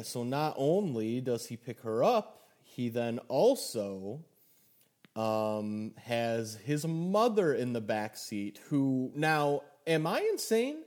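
Excitable young man, fairly high voice. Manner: excitable, laughs often. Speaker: podcast co-host. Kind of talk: casual chat.

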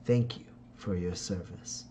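Scheming noble father, put on by a man; deep, unhurried, polished formal charm. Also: a little hiss or hum. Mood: courtly. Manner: formal, measured, courtly and falsely warm.

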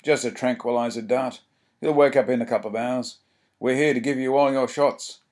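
A man's voice: medium pitch, fairly even intonation, moderate pace, darkish tone, close to an everyday voice. A man doing a muffled suited man. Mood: reassuring. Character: adult man in a hazmat suit, calm, reassuring.

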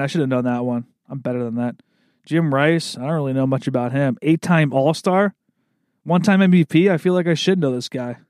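A man's voice: on the high side, darkish tone, no room sound, clean studio sound. A young man with an American East Coast accent, hosting a podcast solo in a rambling, laid-back way and swearing freely. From Maryland, USA. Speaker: podcast host. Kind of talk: casual solo podcast monologue. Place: recording studio.

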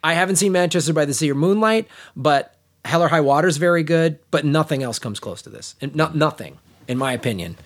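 A man's voice: on the high side, lively intonation, fairly quick. A man co-hosting a casual film podcast, gushing about a movie in a rambling way, with many restarts and fillers. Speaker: podcast co-host. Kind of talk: casual film review chat.

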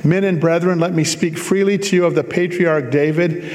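A man's voice: on the high side, fairly even intonation, moderate pace, darkish tone, big-room sound. A man preaching a sermon, reading scripture aloud and breaking off for casual, joking asides to explain it.

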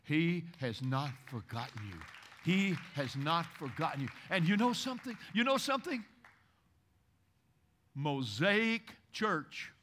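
High-pitched, bright-voiced preacher man. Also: lively intonation, normal speed. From Kentucky. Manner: dramatic swings from loud exhortation to hushed intimacy; repeats phrases for emphasis. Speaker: pastor. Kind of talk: sermon.

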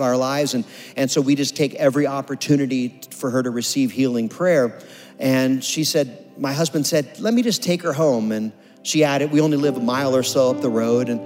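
A man's voice: mid-range voice, a little mellow. Man preaching in a reverberant hall. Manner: earnest, dramatic retelling with quoted voices. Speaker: preacher telling a testimony. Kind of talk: sermon storytelling. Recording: long reverb of a large hall with music under it.

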